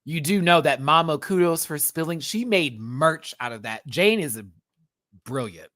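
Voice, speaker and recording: A man's voice: fairly high pitch, animated, moderate pace, fairly bright tone, no echo. Sassy campy guy doing a drag race review stream, laughs a lot, dead dry audio. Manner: sassy and campy, heavy slang, laughs often; talks straight to viewers and people in the show. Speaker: drag show reviewer hosting a livestream. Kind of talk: casual livestream commentary.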